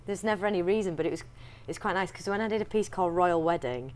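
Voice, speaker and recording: A young woman with a Yorkshire accent, chatting in an interview as an actress, talking freely with restarts and quick laughs. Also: on the low side, a little mellow. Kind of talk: casual interview chat.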